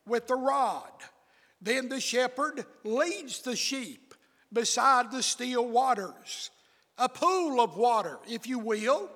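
A man preaching a sermon and praying, with slow, measured emphasis on his words. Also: very high voice, a bit bright. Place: church sanctuary with long reverb. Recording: reverberant church hall.

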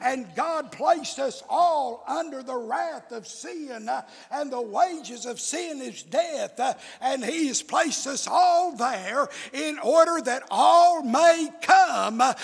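Preacher guy, raspy and high, slow fiery sermon, lots of uh's, long echo in the church. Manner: preaches in bursts, shouting emphatic lines, many "uh" fillers. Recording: echoey hall with long reverb.

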